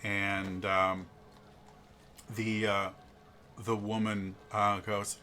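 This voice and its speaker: A game master narrating a tabletop game in a casual, halting way. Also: low-pitched, level tone, bright, forceful tone, slight background noise.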